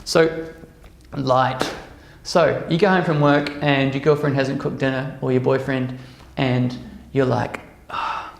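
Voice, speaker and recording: Chatty man with a gravelly voice in an echoey room. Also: mid-range voice, fairly even intonation, a little slow. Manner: chatty, checks in with the group using frequent "okay?" and "right?". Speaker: workshop presenter. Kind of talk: casual workshop talk to a live group.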